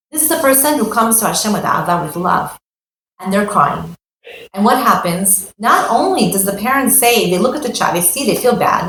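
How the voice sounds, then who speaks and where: A woman's voice: on the high side, slight background noise. A middle-aged American woman giving a spoken Torah lesson, mixing Hebrew terms into English and acting out the voices of parents she quotes. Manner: animated, acts out quoted parents. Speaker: Torah teacher. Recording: echoey room with faint ambience.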